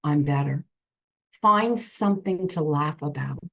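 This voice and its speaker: A woman's voice: deep voice, a little slow, creaky. A woman psychic medium telling stories in a casual interview, acting out quotes and laughing easily, on a video call from her home. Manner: animated storyteller, acts out quotes, laughs easily. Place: home room with crystals on shelves.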